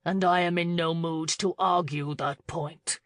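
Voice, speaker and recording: A woman's voice: medium pitch, fairly even intonation, a little slow, dry recording, close to an everyday voice. Woman doing a commanding, desperate young duke. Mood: icy. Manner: intense, pleading then roaring.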